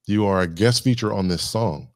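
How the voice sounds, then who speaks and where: A man with a lowish voice talks at normal speed in a studio-quality recording with no echo. Guesting on a podcast as a communication specialist, he's reflective and thoughtful, unpacking ideas with lists and examples.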